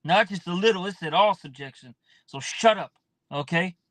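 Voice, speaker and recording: A man's voice: sits high, moderate pace, dry recording. A man teaching from scripture in a blunt, profane, casual preaching style, often tossing in "man".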